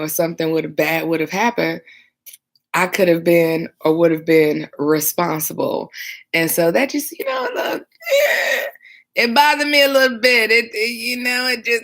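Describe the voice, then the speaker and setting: A tired, sleepy woman with a deep, creaky voice, a 911 dispatcher and video host, chats casually on a storytime livestream. She rambles with lots of fillers and reads viewer comments aloud.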